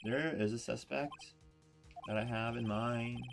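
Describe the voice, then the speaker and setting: A man's voice: mid-range voice, a little slow, gravelly. A man voicing a determined young defense attorney who presses his case earnestly. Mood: pressing. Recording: voice over loud background music.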